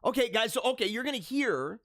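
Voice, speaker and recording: A man hosting a live show with children at school, chatting in an excitable, rambling way, often laughing and repeating himself. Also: very high voice, brisk, no echo, clean studio sound. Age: adult with school-age children. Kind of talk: casual live-stream chat.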